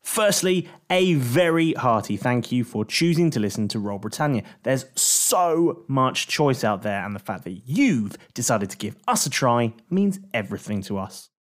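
British dm narrating the game, bouncy expressive voice, chatty. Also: male voice, mid-range voice, normal speed, few pauses. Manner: lively storytelling, cheerful asides. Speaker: dungeon master and podcast host. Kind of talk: tabletop game narration and podcast shout-outs.

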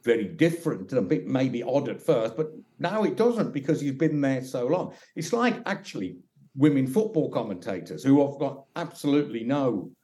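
A man with a West Midlands accent, a podcast guest talking in a relaxed, rambling way with frequent restarts. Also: medium pitch, normal speed. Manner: rambling, peppered with "you know" and restarts. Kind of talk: relaxed conversational interview.

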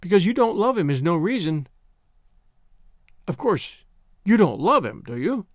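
A man voicing a soothing, fatherly suitor who speaks gently and a little haltingly. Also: sits high, very animated, no room sound, clean studio sound, full character voice.

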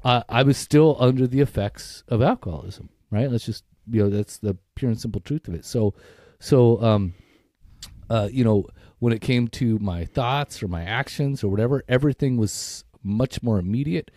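A man's voice: medium pitch, normal speed, darkish tone, no room sound, studio quality. A middle-aged man co-hosting a podcast in casual, rambling chat, swearing freely and laughing often. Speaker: podcast co-host.

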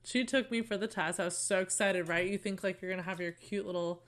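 A woman's voice: on the low side, steady tone, brisk. A young woman co-hosting a casual chat, a little drunk, telling stories with lots of swearing and laughter. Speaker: podcast co-host.

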